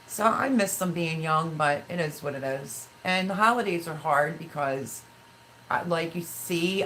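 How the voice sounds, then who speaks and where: In a low-quality recording with slight background noise, the fifties-aged host speaks in a lowish but fairly bright voice. Her casual livestream mixes chatty reading of viewer comments with heartfelt personal storytelling.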